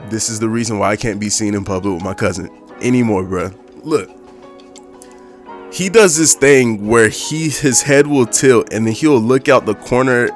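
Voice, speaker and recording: Young male storytime narrator, mid-range voice, exaggerated comic delivery, faint music bed. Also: medium pitch. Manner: animated, exaggerated, slangy storytelling with mouth sound effects. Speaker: storytime YouTuber.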